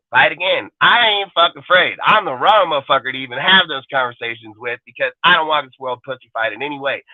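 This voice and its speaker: A man's voice: on the high side, no room sound. A sports talk show host, a man, ranting in an aggressive, profane and defiant way during a live show. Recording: tinny phone-like dry line.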